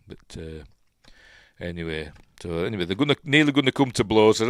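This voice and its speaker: This film review host is a Yorkshire man whose voice sits low and moves fairly quickly. His casual breakdown is emotional, chatty and rambling, peppered with ums and uhs, captured in clean studio sound with no echo.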